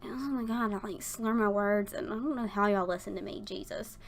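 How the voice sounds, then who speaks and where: A young woman, a YouTuber who does Sims builds, rambles chattily over her creation from her desk at work, dropping lots of fillers and giggles while a little out of breath. She speaks at normal speed in a medium pitch with some vocal fry, and there's slight background noise in this casual voiceover.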